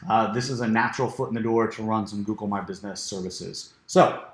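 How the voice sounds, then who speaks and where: A man giving a casual screen-share software walkthrough, full of fillers and restarts, saying he is losing his voice. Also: lowish voice, steady tone, brisk. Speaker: software reviewer. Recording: echoey room.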